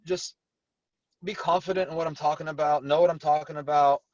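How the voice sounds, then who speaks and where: A man speaking candidly on a video call panel as a real estate agent, his voice a touch high. He rambles and restarts his sentences as he goes. He sits a little back from the mic, and the sound is dry and muffled. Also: steady tone, fairly quick, a little mellow, dry recording, recorded from a distance.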